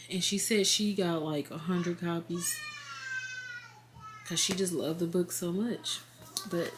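A woman chatting warmly on her home vlog, retelling a story with quoted dialogue and heartfelt excitement. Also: on the low side, slight background noise. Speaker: vlogger, work-from-home mom. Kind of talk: casual faith vlog chat. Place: at home, sitting on the bed.

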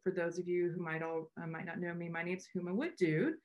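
On a video call, a co-founder opens a meetup with relaxed, rambling welcome remarks, frequently starting sentences over. She talks fairly quickly in a lowish, steady voice that is slightly mellow.

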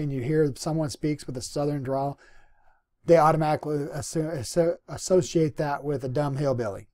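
Male instructor, slightly high, mellow tone, relaxed lecture delivery with pauses. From US Northwest. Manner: unhurried, conversational, with restarts and pauses. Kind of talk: recorded lecture.

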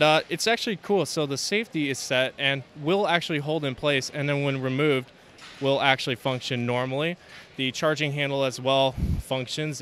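A man speaks at a moderate pitch with a bright, forward tone. He walks through his own models in a loose show-and-tell style, filling pauses with "uh" as he handles the pieces. The recording was made at a busy convention. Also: slight background noise. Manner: relaxed, demonstrating as he talks, many fillers. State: out of breath. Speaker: LEGO builder showing his models. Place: convention hall, indoors.

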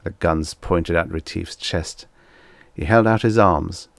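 A man narrating a vintage science fiction story as an audiobook reader, in measured storytelling. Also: low voice, vocal fry, dry recording.

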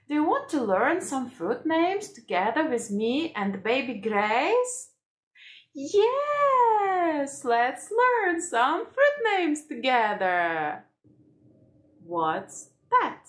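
A woman teaching toddlers in a slow, exaggerated sing-song manner, repeating words. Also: high-pitched, a bit bright. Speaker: children's teacher. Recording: roomy echo.

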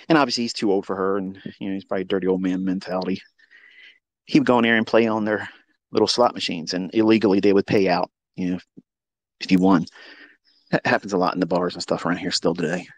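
A man telling a story in a casual monologue, profane and mocking, with sudden loud outbursts. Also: on the low side, dry recording. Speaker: trading educator on a live audio space.

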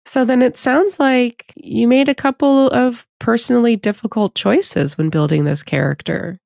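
A woman's voice: a little high, normal speed, vocal fry, darkish tone, no echo, clean studio sound. A woman hosting a podcast interview who asks attentive, probing questions. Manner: attentive, inquiring. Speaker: podcast host.

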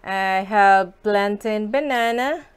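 A woman cooking at home and chatting to her viewers, giggly and excitable. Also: mid-range voice, slow, clean tone. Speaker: cooking vlogger. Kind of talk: casual cooking chat to viewers. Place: home kitchen.

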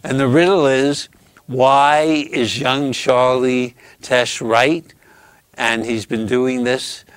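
Slow-talking male host telling riddles. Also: mid-range voice, level tone, smooth, dry recording. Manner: slow, drawn-out, warmly teasing storyteller. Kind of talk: casual chat, storytelling riddles.

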